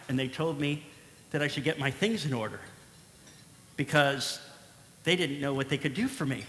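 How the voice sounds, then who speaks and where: A man telling a comic personal story to a live audience in a large event hall, playful and animated, acting out the dialogue. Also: mid-range voice, normal speed, pauses often. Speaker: speaker and singer at an event. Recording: echoey hall with faint noise.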